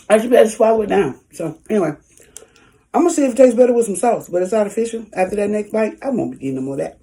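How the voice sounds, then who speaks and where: A woman's voice: medium pitch, animated, rapid-fire, mellow. A woman talking casually to her viewers in an eating vlog, chatty and folksy, chewing while she talks. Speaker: food vlogger.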